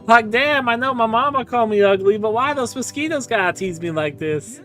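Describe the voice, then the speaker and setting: A man's voice: very high voice, lively intonation, fairly quick, fairly bright tone, soft background music, voice pushed up. A man voicing a crude, rambling hillbilly tomato farmer with a put-on Southern drawl while streaming a game. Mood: folksy.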